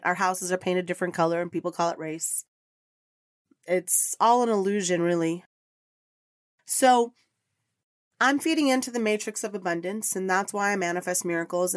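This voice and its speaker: A woman's voice: fairly low pitch, dry recording, clean studio sound. A middle-aged woman hosting a podcast, telling a personal story in an earnest, rambling, emotional way. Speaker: podcast host.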